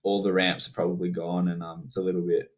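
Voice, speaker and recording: A man's voice: sits low, level tone. A man from Australia, a freestyle motocross rider, chatting casually as a podcast guest in a laid-back way, full of fillers. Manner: laid-back, drawn-out, filler-heavy talk. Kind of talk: casual chat.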